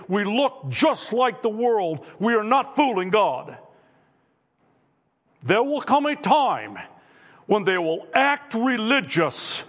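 A pastor with a notably high-pitched voice delivers an earnest sermon, hammering home repeated questions to his congregation. His voice carries through a church sanctuary with a long, lingering echo.

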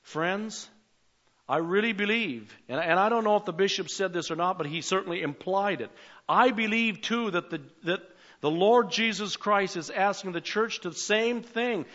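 An older man preaching a sermon as pastor, swinging between emphatic calls and quiet asides. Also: high-pitched, normal speed, muffled recording.

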